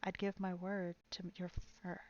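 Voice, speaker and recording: A woman voicing a young queen-to-be who speaks softly and apologetically. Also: fairly low pitch, little pitch movement, normal speed, highs cut off, natural voice. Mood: pleading.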